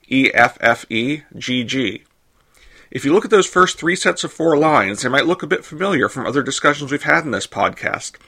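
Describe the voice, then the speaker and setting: A man hosting a podcast, reading a scripted explanation in a clear, measured way. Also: mid-range voice, bright, forceful tone. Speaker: podcast host. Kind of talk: scripted narration.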